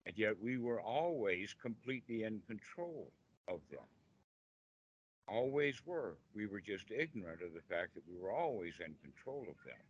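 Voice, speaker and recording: A man's voice: fairly low pitch, a bit bright, breathy edge, muffled recording. A man teaching Buddhist meditation in an informal talk on a video call, patient and full of small fillers, humming tunes to explain a point.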